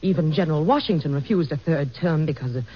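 An actress playing an anxious, devoted president's wife who talks earnestly and insists gently, in 1940s radio-acting style. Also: female voice, sits low, fast talker, husky. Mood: pleading. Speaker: First Lady. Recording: dull old radio recording with faint hiss.

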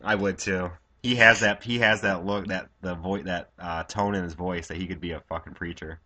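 A man's voice: low voice, fairly even intonation, moderate pace, sharp tone. A man chatting casually about movies with a friend, matter-of-fact and laid-back. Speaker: podcast co-host. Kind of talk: casual chat.

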